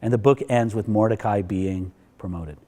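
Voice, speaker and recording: A man teaching a Bible college lecture, telling the story in a lively way and acting out the characters. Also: lowish voice, moderate pace. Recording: long hall reverb.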